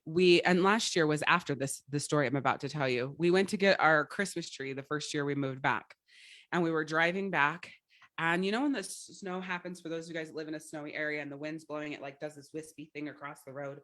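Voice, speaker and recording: A woman's voice: sits low, no echo, clean studio sound. A woman life coach giving a motivational livestream talk, blunt and profane, rambling with frequent restarts.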